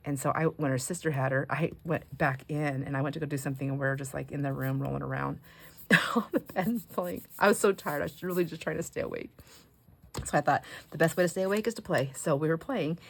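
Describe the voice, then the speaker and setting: Crafting at home, a middle-aged woman who is a grandmother chats in a casual, rambling way, repeatedly dropping into soft near-whispers. She talks fast in a deep, gravelly voice with a breathy edge.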